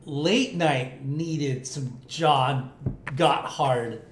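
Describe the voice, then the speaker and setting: A man's voice: mid-range voice, drawn-out words, echoey room. A man hosting a podcast, prompting his guest with short casual questions. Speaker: podcast host. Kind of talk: casual interview chat.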